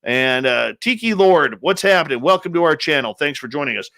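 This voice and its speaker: A man hosts a live radio show from his home studio, reading out listener names with playful, stretched-out announcer flair. His voice sits a touch high and sounds bright and forceful, recorded close and dry. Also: animated, no room sound. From Canada. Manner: upbeat, playful, drawn-out announcer emphasis. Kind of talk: live show roll call and greetings. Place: home studio in British Columbia.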